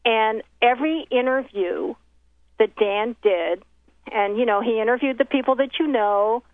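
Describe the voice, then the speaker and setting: A woman's voice: a little high, measured pace. A woman recounting a professional story in casual conversation, acting out the voices of the people she quotes. The sound comes through a thin, tinny phone line. The recording is dry, with no room echo. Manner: animated retelling with many quoted exchanges and restarts. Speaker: documentary filmmaker telling her story.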